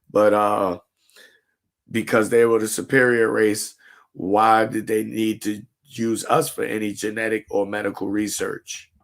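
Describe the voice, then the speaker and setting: A man hosting a podcast, talking in a measured, deliberate way. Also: fairly low pitch, creaky, a bit bright. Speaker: podcast host. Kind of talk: casual podcast discussion.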